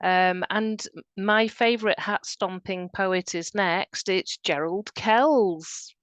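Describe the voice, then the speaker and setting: A woman's voice: medium pitch, takes it slowly, clear, resonant tone, no room sound. A woman hosting an online open mic, introducing poets and praising them in an upbeat way over a video call. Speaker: host.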